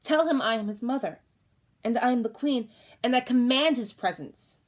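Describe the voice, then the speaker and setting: A woman's voice: a little high, expressive, moderate pace, breathy edge, pitched above the performer's own voice. A woman voicing an anxious young princess bride who pleads and then commands. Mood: imperious. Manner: pleading, commanding when pressed.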